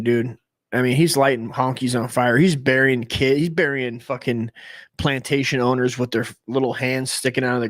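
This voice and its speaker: A man's voice: mid-range voice, no room sound, clean studio sound. A man in his forties doing a crude, rambling comedic monologue, trailing off and restarting as he goes. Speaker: comedy podcast host.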